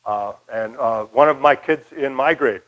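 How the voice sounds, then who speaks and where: A man's voice: medium pitch, a little slow, fairly bright tone, poor audio. An older man from Michigan giving a casual, rambling local history talk, folksy with many fillers. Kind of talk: casual lecture.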